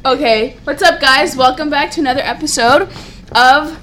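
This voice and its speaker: A woman's voice: high-pitched, normal speed, pushed and bright, slight background noise. A woman co-hosting a casual podcast, laughing often and talking over the others. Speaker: podcast co-host. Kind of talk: casual chat.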